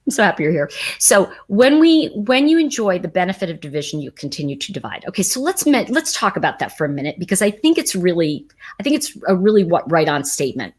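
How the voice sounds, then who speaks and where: A woman hosting a livestream, talking casually and emphatically to her chat audience in a rambling, animated way. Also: fairly low pitch, fast talker, breathy edge. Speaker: livestream host.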